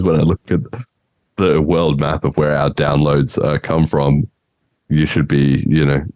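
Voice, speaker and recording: A man's voice: rumbling low, darkish tone, no echo. A man hosting a podcast, chatting casually in a rambling way and laughing often. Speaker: podcast host.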